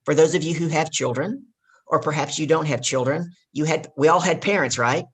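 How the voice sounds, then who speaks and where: A woman's voice: sits low, a little fast, husky. A woman guest and life coach telling a coaching story with energy, hammering home her key points. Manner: emphatic, repeats key points.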